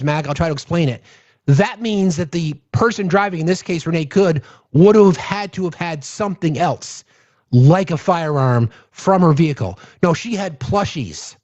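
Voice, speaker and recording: A man hosting a political commentary show, ranting angrily and profanely and reading legal text aloud. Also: fairly high pitch. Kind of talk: angry political rant. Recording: dull lo-fi audio.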